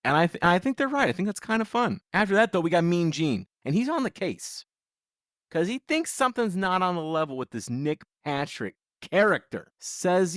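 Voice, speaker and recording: On a podcast, a male co-host recaps wrestling in casual chat, cracking sarcastic, animated jokes. His voice is high and his pace moderate, recorded at studio quality with no room sound.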